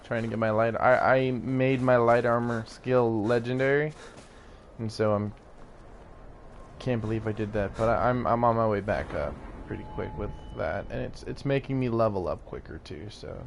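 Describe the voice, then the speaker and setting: A man's voice: lowish voice, moderate pace, vocal fry, a little hiss or hum. Rambling casual male gamer. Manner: rambling, laughs often, swears casually. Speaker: gaming YouTuber. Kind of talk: casual gameplay commentary.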